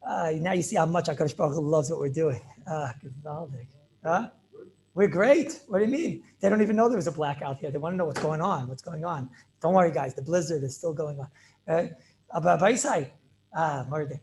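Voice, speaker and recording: The rabbi's voice is a little high and somewhat dark in tone, moving at a brisk clip as he teaches Talmud via video call. It's an animated Torah lecture, emphatic and repetitive, blending Hebrew and Yiddish terms into English.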